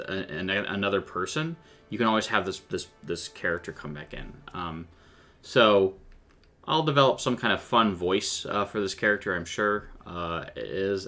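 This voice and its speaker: A man's voice: low-pitched, sharp tone. A man running a tabletop game on stream, chatting casually, rambling and restarting his sentences and laughing easily. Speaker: game master.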